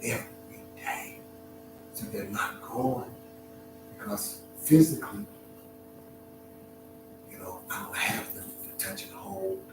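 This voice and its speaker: A man giving an emotional, heartfelt talk, swinging from hushed near-whispers to loud preaching. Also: medium pitch, very animated, slow pace, long pauses. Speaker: talk show host. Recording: very echoey room, far from the mic, clear music behind.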